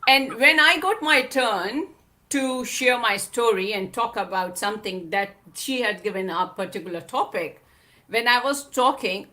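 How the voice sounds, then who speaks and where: Slow, bright-voiced woman telling her story. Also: fairly high pitch. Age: adult mother of a young child. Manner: earnest, emphatic, repeats phrases. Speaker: guest speaker. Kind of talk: personal storytelling talk.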